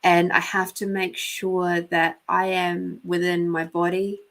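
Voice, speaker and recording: A woman's voice: on the low side, level tone, slow, fairly bright tone. An Australian woman hosting a live intuitive reading show, telling stories in a chatty way with frequent laughter and a casual swear now and then. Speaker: host and intuitive reader. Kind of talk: live psychic reading and storytelling.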